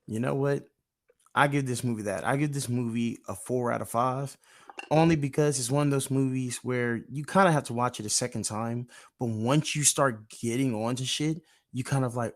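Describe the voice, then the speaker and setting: A man reviews a movie in a loose chat, excitable and full of slang and swearing. His voice sits in a middle range for a man. The sound is dry and close. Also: mid-range voice, brisk, no room sound. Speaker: podcast co-host.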